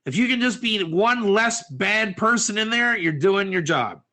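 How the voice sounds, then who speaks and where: A man teaching a lively class, acting out little scenes and asking his listeners questions. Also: high-pitched, measured pace. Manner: animated, acts out quotes, asks audience questions. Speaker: Torah teacher.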